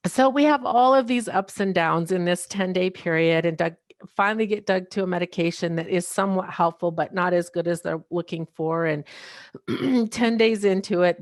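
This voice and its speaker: A woman's voice: lowish voice, dry recording, studio quality. A woman, a podcast guest, telling a personal story, often quoting others and laughing now and then. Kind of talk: personal testimony.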